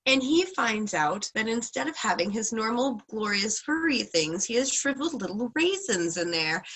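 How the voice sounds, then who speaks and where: A woman's voice: fairly high pitch, animated, normal speed, a bit bright, slightly rough, rough recording. A woman teaching a casual class, retelling a folk tale in a chatty, playful way with frequent hedges. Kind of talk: casual lesson with folk storytelling.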